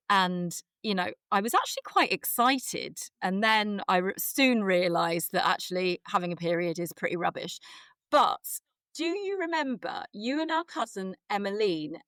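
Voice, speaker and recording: A guest actress in her forties tells self-deprecating stories in casual chat, animated and full of fillers. Her medium-pitched voice has studio quality with no echo.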